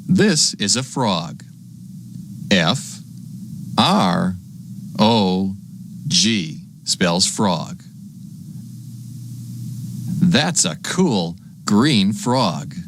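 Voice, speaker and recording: A man teaching young children animal names, spelling each word slowly letter by letter and making animal sounds. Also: low-pitched, fairly bright tone, slight background noise.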